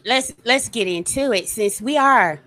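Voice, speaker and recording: A woman's voice: fairly high pitch, animated, a little slow, pushed and bright, dry recording, low-quality recording. A woman hosting a podcast in casual chat, brash and laughing as she talks. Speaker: podcast host.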